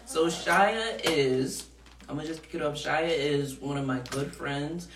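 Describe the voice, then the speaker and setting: A woman's voice: sits low, measured pace, roomy sound, distant mic, background noise. A woman hosting a podcast in a studio, talking casually and frankly, laughing often and swearing freely. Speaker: podcast host.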